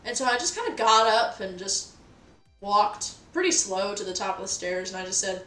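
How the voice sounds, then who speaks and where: A woman's voice: medium pitch, normal speed, bright, forceful tone, faint music behind. A young woman streaming from her kitchen, telling a story in a blunt, nonchalant way and swearing freely while she does the dishes. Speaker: livestreamer. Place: home kitchen. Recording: roomy kitchen, far from mic, clattering dishes. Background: dishes and pots clattering.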